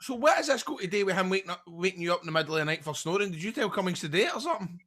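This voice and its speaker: A man co-hosting a football podcast, firing off quick, teasing questions at the guest. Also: sits high, expressive, a bit bright. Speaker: podcast co-host. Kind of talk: casual podcast chat.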